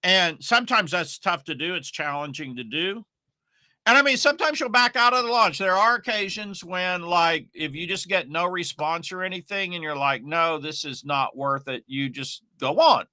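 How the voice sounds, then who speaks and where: A man speaks on a live stream in an emphatic, folksy way and hammers his points through repetition. His voice sits high and sounds bright and forceful. The sound is close and dry, with no room echo. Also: lively intonation, moderate pace. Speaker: online marketing teacher.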